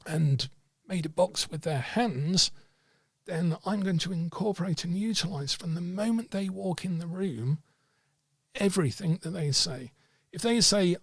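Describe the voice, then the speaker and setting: Gravelly husky man teaching tarot. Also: a little high, lively intonation, no echo. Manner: measured, explanatory, acts out client dialogue. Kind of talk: teaching talk with acted examples.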